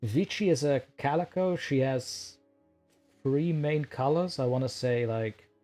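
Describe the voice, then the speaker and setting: A man's voice: medium pitch, measured pace, mellow, soft background music. A man hosting a casual livestream, talking with a rambling, chatty manner and laughing often. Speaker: livestream host and story narrator.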